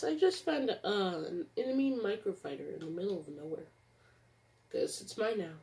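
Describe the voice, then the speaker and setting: A woman giving casual gameplay commentary, excitable, squealing and yelling taunts. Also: mid-range voice, moderate pace, creaky. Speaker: gaming streamer.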